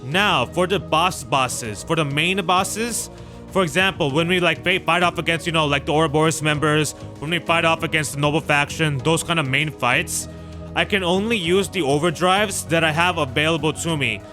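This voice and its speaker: A man hosting a gameplay video, chatting casually and excitedly with viewers in slangy talk while he plays, with faint game music behind him. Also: a little high, normal speed. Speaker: gaming channel host. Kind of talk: casual let's-play commentary.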